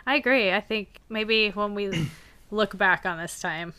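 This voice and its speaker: Woman co-host, casual film podcast, bright voice, agreeable and reflective. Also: mid-range voice, clear, resonant tone. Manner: agreeable, reflective, quick backchannels. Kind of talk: casual chat about film.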